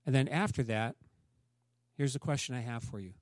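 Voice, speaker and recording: A man preaching a sermon as a pastor, dramatically acting out the people in the story and swinging from loud urging to hushed, near-whispered lines. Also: medium pitch, normal speed, long pauses, no room sound, clean studio sound. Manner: dramatic, acts out voices of the story.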